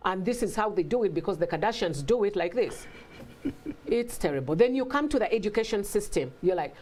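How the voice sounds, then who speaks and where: A woman from Africa chatting as a talk-show guest. She tells stories in an animated way, acting out quoted lines and laughing often. Her voice sits at a middle pitch. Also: fairly quick. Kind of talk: casual conversation.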